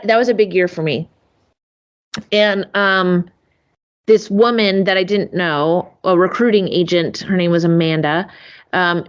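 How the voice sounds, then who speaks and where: A woman guest on a podcast telling a casual story about her career, self-mocking and acting out what others said with sudden high-pitched quotes. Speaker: podcast guest, family photographer.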